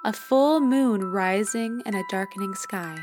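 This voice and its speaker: A woman reading a first-person short story aloud in a gentle, expressive way, voicing an adult narrator. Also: mid-range voice, a little slow, music in the background. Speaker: story reader.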